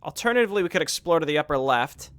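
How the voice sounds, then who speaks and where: Guy thinking aloud while playing a game, casual, bright punchy voice. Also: fairly high pitch, lively intonation, racing, clean tone, no echo. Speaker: game streamer. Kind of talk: gameplay commentary.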